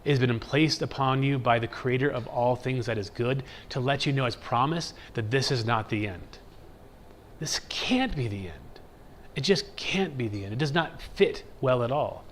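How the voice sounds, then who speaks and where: A man teaching a catechism class in a conversational lecture style, animated, often checking in with "right?" and acting out people's reactions. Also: mid-range voice, moderate pace, slight background noise. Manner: animated, keeps asking "right?"; acts out everyday reactions in quotes.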